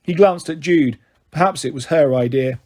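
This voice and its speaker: A man reading a children's novel aloud, giving an expressive first-person narration. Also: a little high, moderate pace. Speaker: storyteller.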